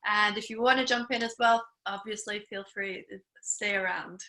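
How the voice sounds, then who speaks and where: A woman hosting a live online interview show, with a Scottish accent softened by years abroad, chatty and enthusiastic. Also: mid-range voice, fairly even intonation, normal speed. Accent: Scottish with an expat mix. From Scotland. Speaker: show host.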